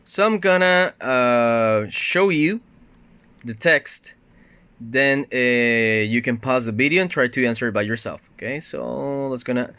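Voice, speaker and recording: Male ESL teacher, mid pitch, patient walkthrough, dry close mic. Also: unhurried, pushed and bright, clean tone, dry recording. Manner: patient, explains step by step with fillers. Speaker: English teacher. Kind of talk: recorded grammar lesson.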